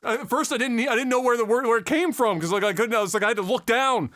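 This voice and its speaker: A man in his thirties co-hosting a podcast, telling a story in casual chat, animated, laughing often and swearing freely. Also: very high-pitched, fast talker, no room sound, studio quality. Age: 30s. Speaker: podcast co-host.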